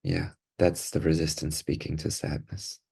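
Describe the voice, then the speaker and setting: Low gravelly man gently guiding. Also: level tone, moderate pace. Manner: gentle, encouraging, repeats short affirmations. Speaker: podcast co-host guiding an emotional release exercise. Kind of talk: calm guided facilitation.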